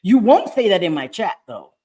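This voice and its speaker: Profane woman streamer hosting her live, brash and animated, mid pitch. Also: normal speed. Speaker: livestream host. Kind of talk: casual chat. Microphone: streaming mic.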